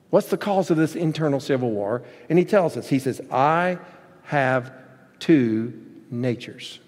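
Earnest preacher in a big echoing hall. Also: male voice, fairly high pitch, a little mellow. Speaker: pastor. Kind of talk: sermon with storybook reading. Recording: long hall reverb.

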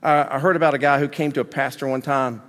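A male pastor preaching a sermon, animated and emphatic, with folksy asides and questions to the congregation. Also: mid-range voice, fast, in a large hall.

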